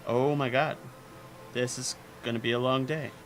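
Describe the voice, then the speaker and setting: A man's voice: mid-range voice, steady tone, normal speed, slight background noise. Laid-back man running a tabletop game. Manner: loose, laughing, describes scenes with fillers. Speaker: game master.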